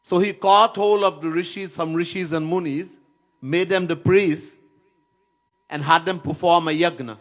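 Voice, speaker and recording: Slow-speaking man giving a devotional lecture. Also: on the high side, fairly even intonation. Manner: storytelling, chants Sanskrit verses, stresses words by repetition. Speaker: swami giving a spiritual lecture. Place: Trinidad.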